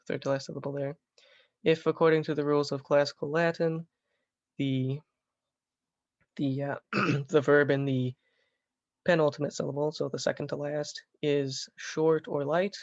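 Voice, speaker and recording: A man teaching a slide lesson, explaining step by step in a halting way and often correcting himself. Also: on the high side, darkish tone, no echo, muffled recording. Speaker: Latin teacher.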